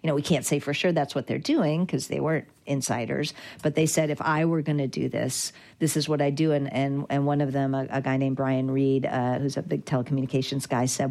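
A woman guest in an interview, recounting a story with animated anecdotes and frequent restarts. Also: a bass voice, brisk, vocal fry, few pauses. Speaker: guest, digital rights lawyer. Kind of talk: conversational storytelling.

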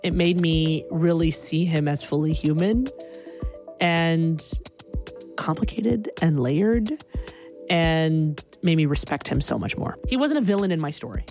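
A woman telling a personal story in an animated way, acting out the people in it. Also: low-pitched, a little slow, soft background music. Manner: animated, breaks into loud acted quotes.

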